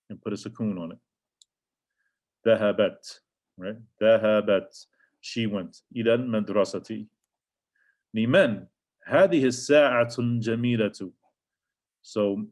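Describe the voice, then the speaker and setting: Guy teaching an arabic lesson, kinda low voice, repeats stuff, reads examples then translates. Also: a little mellow. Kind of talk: casual grammar lesson explaining textbook examples.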